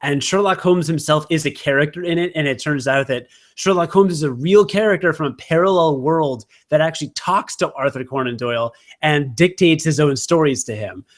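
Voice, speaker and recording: Man, slightly raised pitch, casual podcast chat, rambling, self-mocking. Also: fairly quick, hardly any pauses. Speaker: podcast co-host.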